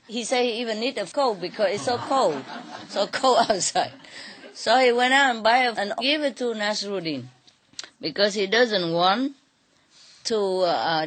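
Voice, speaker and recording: A woman's voice: mid-range voice, fairly bright tone. A woman telling a folk tale in a chatty, chuckling way, full of asides. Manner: chuckling, conversational, asides with 'you know'. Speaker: storyteller.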